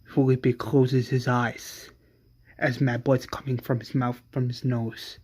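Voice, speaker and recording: A man casually retelling an imagined episode as a fan, excitable and profane. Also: medium pitch, takes it slowly, husky. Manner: excitable and profane, with many restarts. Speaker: fan storyteller.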